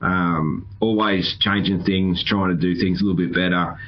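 A man's voice: low-pitched, steady tone, normal speed, dull audio, slight background noise. An Australian man hosting a podcast, talking in a laid-back, rambling way and laughing often. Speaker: podcast host. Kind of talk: casual chat.

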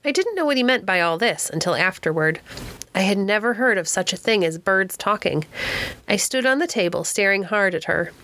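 Lady reading a storybook, gentle and steady, normal mid voice. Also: mid-range voice, normal speed. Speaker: audiobook narrator. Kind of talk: storybook narration.

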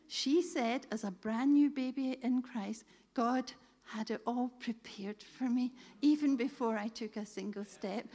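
Middle-aged woman sharing a testimony, lively, acts out the voices, fairly high voice. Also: measured pace. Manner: lively, animated storytelling, quoting others in dialogue. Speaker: speaker telling a testimony. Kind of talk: storytelling talk to a church audience.

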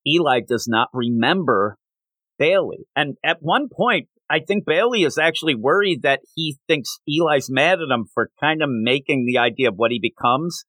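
A man's voice: on the high side, moderate pace, dry recording, low-quality recording. A man co-hosting a podcast, casually discussing a comic book and acting out its lines as he retells it. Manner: animated retelling, acts out quoted lines. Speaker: podcast co-host.

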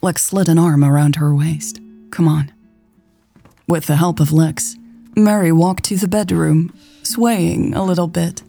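A woman narrating a romance story in a calm, even storytelling voice. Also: on the low side, measured pace, creaky, faint music behind. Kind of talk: scripted audiobook narration.

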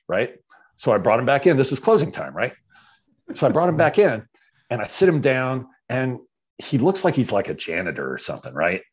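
A man casually telling a story as a podcast guest, animated and often tagging his lines with "right?". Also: mid-range voice, slightly rough, highs cut off.

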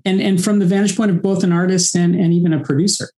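A man hosting an interview, reading an introduction and asking earnest, measured questions. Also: sits high, fairly even intonation, mellow. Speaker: podcast host.

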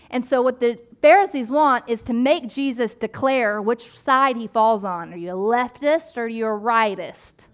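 A woman pastor giving a sermon in a conversational, animated way, with casual asides and playful voices for the people she describes. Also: a little high, normal speed, hardly any pauses.

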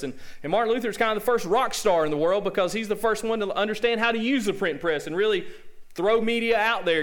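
A man's voice: fairly high pitch, fairly bright tone. A man with a Southern accent preaching a sermon as pastor, in a folksy, conversational way full of rhetorical questions.

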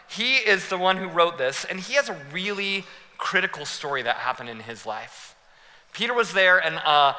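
Animated preacher man in a reverberant hall. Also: fairly high pitch. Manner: animated, laughing storyteller who acts out scenes. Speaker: pastor. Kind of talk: sermon with personal storytelling. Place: church hall.

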